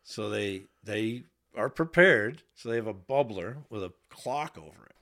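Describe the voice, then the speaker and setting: Male podcast guest, lowish voice, candid and salty storyteller. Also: animated, moderate pace, creaky, darkish tone. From Boston area. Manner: candid, swears freely, quotes himself in raised voice. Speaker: podcast guest, Navy veteran. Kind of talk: casual storytelling. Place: podcast studio.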